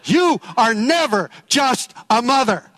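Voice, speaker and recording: A male pastor with a high, light voice delivers a sermon at an unhurried pace. He tells stories and leans on key words with deliberate pauses. His voice rings out with a long reverb, as if recorded in a large sanctuary. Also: expressive, a crowd in the background, noisy background. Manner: preaching with storytelling and emphatic pauses.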